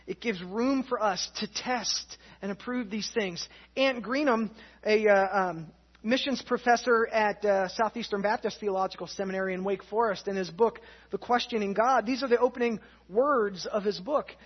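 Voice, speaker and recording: A woman preacher giving an earnest teaching sermon, swinging from emphatic to hushed, on a dull lo-fi recording. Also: mid-range voice, husky.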